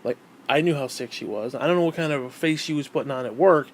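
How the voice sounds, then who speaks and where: A man's voice: medium pitch, fast talker, slight background noise. A man ranting angrily on camera, hostile and swearing constantly. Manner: hostile, heavily profane. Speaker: vlogger. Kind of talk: angry personal rant.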